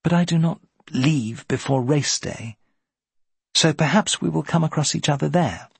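A man's voice: a little high, moderate pace, creaky, husky, dry recording, pitched above the performer's own voice, full character voice. A man voicing a spirited young widow in a period story, light and teasing in manner.

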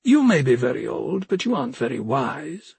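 A man reading an audiobook, voicing a cruel, scornful ancient witch with a husky, commanding, sneering delivery. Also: mid-range voice, very animated, moderate pace, a little mellow, no room sound, exaggerated voice.

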